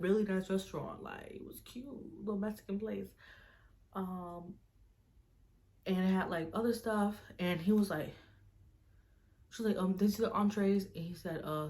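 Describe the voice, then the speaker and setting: A young woman with a slightly low-pitched voice tells a story to her camera. She talks casually, scatters "like" through her sentences and slips into other people's lines as she retells the conversation. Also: a little mellow. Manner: casual, fills speech with "like", retells dialogue in quoted voices. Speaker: vlogger.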